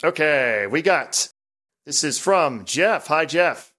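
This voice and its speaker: A man hosting a casual pinball podcast, chatty and rambling, animated as he talks. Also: a little high, takes it slowly. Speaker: podcast host.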